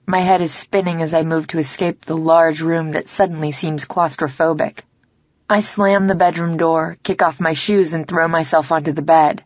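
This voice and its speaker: Woman, lowish voice, dry and slightly dull audio, first-person romance audiobook narrator. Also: steady tone, normal speed, no room sound. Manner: acts out dialogue, softer and lower for the male lover.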